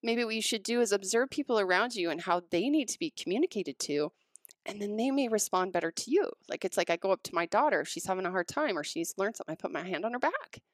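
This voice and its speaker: A woman talking casually as a podcast co-host, excitable and animated as she tells stories. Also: medium pitch, fast talker, no room sound. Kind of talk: casual chat.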